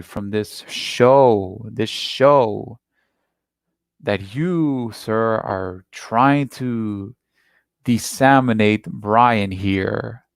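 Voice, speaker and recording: Slow, gravelly-voiced man commenting. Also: on the low side, no echo. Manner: rambling, repetitive, defensive. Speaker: reaction video host. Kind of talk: casual commentary on a played clip.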